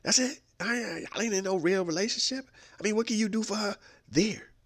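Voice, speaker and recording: Guy doing a fed-up mom on the phone, high voice, blunt and dismissive. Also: a little fast, fairly bright tone, no room sound. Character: exasperated mother on the phone, fed up.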